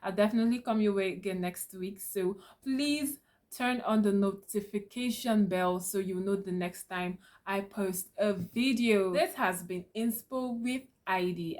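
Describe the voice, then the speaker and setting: Calm woman giving advice to camera. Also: mid-range voice. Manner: calm, instructive, addresses viewer directly with "okay?". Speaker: channel host giving business tips. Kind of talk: direct-to-camera advice talk.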